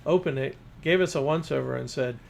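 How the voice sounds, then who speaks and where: Gravelly male storyteller. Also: mid-range voice, fairly quick, darkish tone, slight background noise. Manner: first-person storytelling. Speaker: narrator. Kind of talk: reading fiction aloud.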